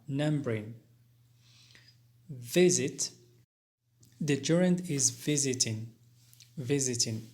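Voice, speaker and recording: Male teacher, mid-pitched, unhurried recorded lesson, methodical, spells words letter by letter. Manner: slow, deliberate explaining with spelled-out letters; careful pauses and fillers. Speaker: English teacher.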